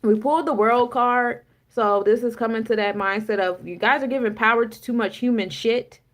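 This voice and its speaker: A woman reading tarot on a casual livestream, blunt, profane and preachy, shifting between low calm explanation and loud emphatic challenges. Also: moderate pace. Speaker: tarot reader and spiritual coach.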